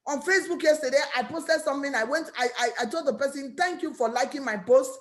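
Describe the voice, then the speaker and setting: A high-pitched woman speaks with a Nigerian English accent. She gives an energetic, preachy motivational talk as a network marketing business owner. She stumbles over and repeats words as she pushes her point. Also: fast talker.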